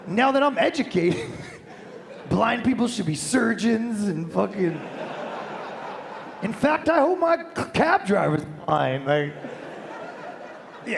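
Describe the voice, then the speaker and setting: A man's voice: high-pitched, fairly bright tone, a little hiss or hum. A man doing a stand-up comedy set on a live stage, brash, crude and conversational, into a handheld microphone.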